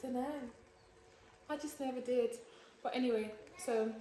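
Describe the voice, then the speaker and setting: A young woman tells a story in a cooking vlog, acting out both sides of it with lively drama. Her voice echoes around a home kitchen, and a faint noise sits behind it. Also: a little high, measured pace. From England. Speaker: vlogger.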